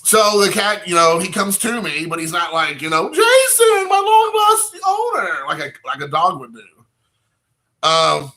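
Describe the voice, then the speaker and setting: A man's voice: a little high, fairly even intonation, moderate pace, sharp tone. A young man telling a casual, rambling anecdote, peppered with "like" and acted-out quotes. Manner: rambling, heavy use of "like" fillers, quoting himself and others.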